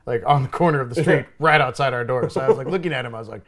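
A young adult bartender tells a story casually, swearing freely and turning loud and animated when acting out his own lines. His medium-pitched voice races along against crowd noise.

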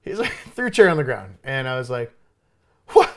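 A young adult man, a bartender, telling a story in casual chat, swearing freely and loudly acting out what he said. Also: medium pitch, normal speed. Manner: animated, swears freely, loudly acts out his own quoted lines.

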